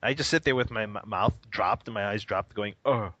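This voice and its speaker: Animated low-voiced man teaching. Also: fairly quick, no echo, muffled recording. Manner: animated, laughing, acting out quoted reactions. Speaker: Buddhist teacher. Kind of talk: radio interview, casual explanation.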